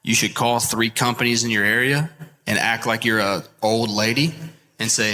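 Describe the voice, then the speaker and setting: A man, a landscaping business owner, giving energetic pep-talk advice as the guest of a live podcast. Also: fairly low pitch, moderate pace. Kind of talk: live podcast interview before an audience. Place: large expo hall with live audience. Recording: long hall reverb.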